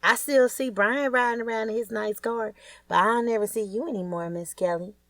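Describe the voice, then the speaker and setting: A woman doing high, eager neighborhood kids. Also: steady tone, moderate pace, dry recording, distant mic. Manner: shouting, calling out. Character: excited neighborhood kids, boy and girl, eager.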